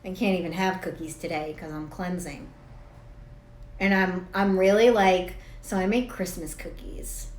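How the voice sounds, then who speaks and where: A woman's voice: on the low side, steady tone, a little slow. A woman in her thirties, a spiritual coach talking straight to camera in a casual, rambling way, swearing freely and laughing at herself. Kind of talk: casual direct-to-camera monologue. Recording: echoey room.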